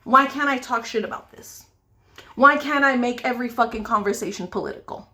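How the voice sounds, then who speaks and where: An American woman who makes makeup videos rants angrily while applying her makeup, swearing a lot and firing off pleading questions. Her voice is fairly high and sharp, and she talks fairly quickly.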